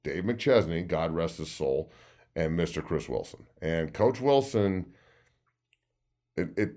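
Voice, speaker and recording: A man in his thirties, a former football player hosting a podcast, telling profane, excitable stories and acting out the quotes. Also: sits low, slow. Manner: excitable, profane storytelling with lively put-on quotes. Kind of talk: casual podcast chat.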